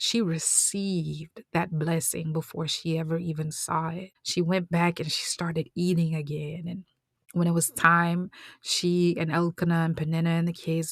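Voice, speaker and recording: A woman retelling a story, slangy and conversational, slipping into whispered asides. Her voice sits low, her pace slow, and the sound is close and dry. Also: dry recording.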